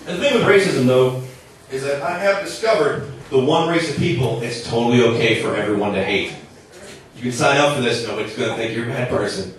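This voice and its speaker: A man's voice: medium pitch, brisk, a little hiss or hum. Chatty male stand-up comic in an echoey bar. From southern Minnesota. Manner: conversational, chatty with many likes and rights. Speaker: stand-up comedian. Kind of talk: stand-up comedy set. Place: bar stage. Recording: echoey bar recorded from a distance.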